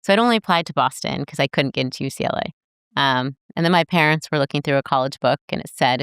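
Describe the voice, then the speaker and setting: Chatty woman in her 40s, journalist guest on a podcast, storytelling, smooth clear voice, dry close mic. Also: rumbling low, quick pace, fairly bright tone, no echo. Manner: chatty storyteller, acts out her own past thoughts in quotes. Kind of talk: casual interview chat.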